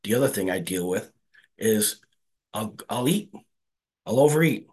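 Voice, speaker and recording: Earnest man with a husky voice. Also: lowish voice, expressive, measured pace, darkish tone. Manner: earnest, conversational, keeps asking "right?". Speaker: speaker sharing at a recovery meeting. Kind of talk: personal share at a meeting.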